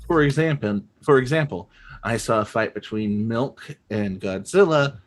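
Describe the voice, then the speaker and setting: A man's voice: medium pitch, lively intonation, moderate pace, a little hiss or hum. Rambling, self-mocking male comedy host. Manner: chatty and rambling, many ums, self-mocking jokes. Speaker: improv show host. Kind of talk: casual hosting, explaining game rules.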